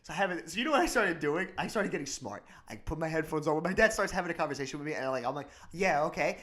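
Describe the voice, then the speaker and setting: A young man talks fast on a casual podcast, his voice a bit high and swinging widely in pitch. He rants about everyday annoyances and swears often. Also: lively intonation, fairly bright tone. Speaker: podcast co-host. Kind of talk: casual chat.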